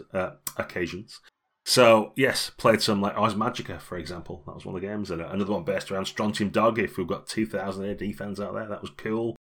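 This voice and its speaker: A man's voice: lowish voice, a bit bright. A middle-aged British man co-hosting a role-playing podcast, chatting casually and rambling with frequent laughs. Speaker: podcast co-host.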